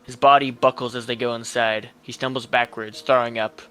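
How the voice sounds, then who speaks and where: A man's voice: medium pitch, little pitch movement, fairly quick, a bit bright, smooth. A man narrating a horror story in the first person, with a tense, vivid telling.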